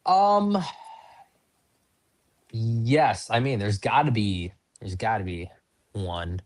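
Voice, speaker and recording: A man's voice: fairly low pitch, expressive, slow. A man from North Dakota, a pro wrestler and podcast guest, telling casual stories in a chatty, rambling, self-deprecating way. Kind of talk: casual storytelling in an interview.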